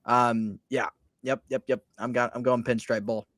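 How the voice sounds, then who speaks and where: A young man co-hosting a casual sports chat show, animated and joking, ranting with mock outrage. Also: mid-range voice, normal speed, no echo, studio quality.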